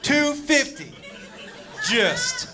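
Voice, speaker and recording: Brief: male stand-up comic, very high voice, rowdy profane storyteller, laughing crowd behind. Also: wildly swooping pitch, extremely slow. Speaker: stand-up comedian. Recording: live stand-up clip with audience laughter and noise. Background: audience laughing.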